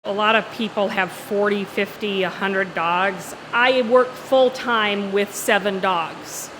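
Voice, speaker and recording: A woman's voice: medium pitch, slow pace, noisy background. Female dog breeder, plain firm delivery, farm recording with clucking chickens. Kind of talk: interview on her farm. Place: farm shed with animals.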